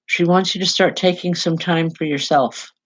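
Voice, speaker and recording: A woman medium giving a live spiritual reading to viewers, speaking in halting, repeated phrases with soft reassurance. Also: lowish voice, fairly even intonation, no echo, low-quality recording. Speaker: psychic medium.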